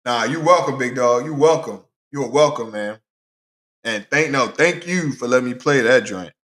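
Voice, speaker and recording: A man hosting a casual sports talk show, talking in an animated way and answering viewers by name. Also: medium pitch, moderate pace. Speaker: podcast host. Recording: roomy echoey room.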